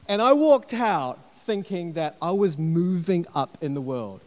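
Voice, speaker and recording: A man preaching a sermon, telling a personal story with animated delivery and acted-out quotes. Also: high voice. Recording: long hall reverb.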